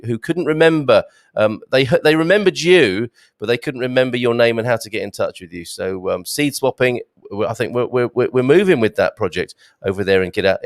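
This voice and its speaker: A man's voice: medium pitch, smooth, dry recording. Chatty man hosting a live stream. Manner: chatty, warm banter with viewers, stumbling restarts. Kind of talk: live stream chat reading comments.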